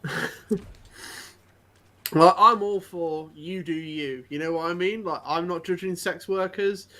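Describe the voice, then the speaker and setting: A man's voice: sits high, steady tone, a little slow, sharp tone. A man co-hosting a gaming channel, chatting casually over gameplay with hesitant restarts, fillers and frequent laughs. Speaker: co-host.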